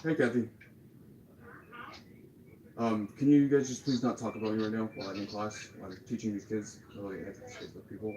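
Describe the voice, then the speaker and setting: A man's voice: fairly low pitch, steady tone, brisk, pauses often, a little mellow, muffled recording, slight background noise. A frustrated man livestreaming, rambling and repeating his apologies in a flustered way. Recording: roomy echo.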